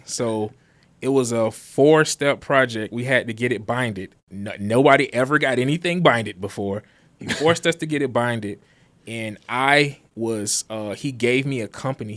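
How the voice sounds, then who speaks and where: A man in his thirties, a graphic designer and business founder appearing as a guest, speaks in a mid-range voice at a moderate pace. He's a lively storyteller in casual chat, acting out the dialogue.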